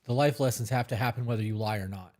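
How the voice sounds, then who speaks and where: A man's voice: mid-range voice, fast talker, a little mellow. A man co-hosting a casual podcast, blunt and casually swearing. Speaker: podcast co-host.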